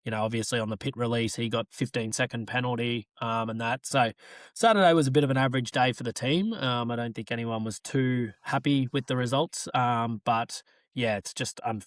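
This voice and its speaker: A man's voice: mid-range voice, fairly even intonation, a little fast, no echo, studio quality. A man with an Australian accent, a racing driver co-hosting a podcast, telling rambling stories in casual chat with frequent laughs.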